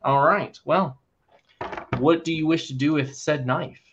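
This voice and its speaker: A man narrating as game master in a relaxed way, with lots of fillers. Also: a little high, unhurried, lo-fi sound, background noise.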